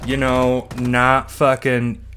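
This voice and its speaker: A man's voice: mid-range voice, completely flat delivery, takes it slowly, a bit bright, slight background noise. A man streaming a game over a headset, chatting casually, joking and swearing freely. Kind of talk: casual gaming chat.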